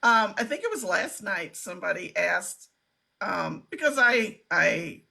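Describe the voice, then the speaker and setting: A woman's voice: mid-range voice, big pitch swings, measured pace, vocal fry, a crowd in the background. A woman hosting a casual live-stream chat, rambling and chatty with frequent laughs. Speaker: livestream host.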